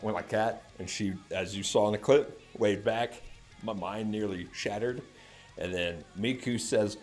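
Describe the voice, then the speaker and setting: A lowish-voiced man runs a music reaction channel. Speaking to camera, he recounts an excited story, with frequent laughter and sudden shouts.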